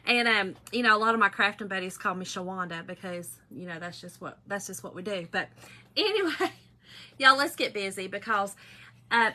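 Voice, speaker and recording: A middle-aged woman with a Southern US accent hosts a casual craft livestream, chatting while she crafts. Bubbly and chatty, she greets viewers by name. Her voice is a little high, bright, and forceful.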